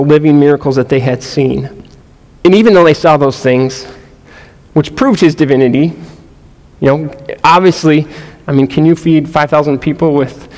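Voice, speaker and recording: A man's voice: a little high, darkish tone. Earnest preaching man in a reverberant hall. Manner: earnest, conversational, frequent restarts and "you know". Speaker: pastor. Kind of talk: sermon.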